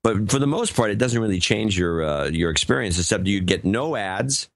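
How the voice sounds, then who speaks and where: A man's voice: fairly low pitch, expressive, normal speed, no echo, studio quality. A middle-aged man co-hosting a political podcast, blunt and skeptical, explaining things in a casual way. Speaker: podcast co-host.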